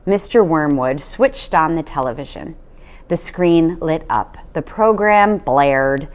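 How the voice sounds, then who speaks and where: A woman reading a children's novel aloud, with an expressive storytelling manner. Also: low voice, slow pace. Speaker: storybook reader.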